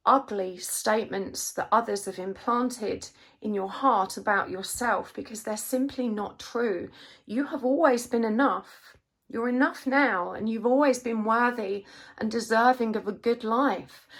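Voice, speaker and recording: A woman giving a gentle, reassuring tarot reading, emotional at times. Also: on the high side. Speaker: tarot card reader. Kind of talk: gentle spiritual reading to camera.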